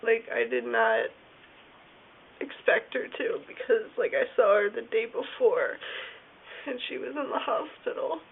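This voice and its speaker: A woman talking in a casual video diary, rambling and halting, with lots of "like" fillers. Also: fairly high pitch, lively intonation, gravelly. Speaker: vlogger. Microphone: phone or camera filming herself. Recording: tinny phone-like sound with faint hiss.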